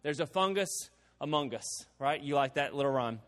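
A man's voice: mid-range voice, animated, moderate pace, fairly bright tone. A man preaching a sermon as pastor, in a conversational way, often asking the crowd rhetorical questions. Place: church hall. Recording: long hall reverb.

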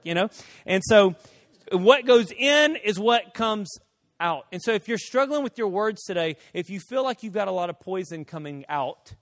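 A man preaching a sermon as pastor, animated, acting out voices of people and shouting some quotes. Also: on the high side, dry recording, studio quality.

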